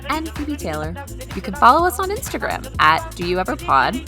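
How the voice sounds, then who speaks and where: A woman co-hosting a podcast in casual chat, chiming in with quick agreement. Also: on the high side, big pitch swings, music in the background. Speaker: podcast co-host.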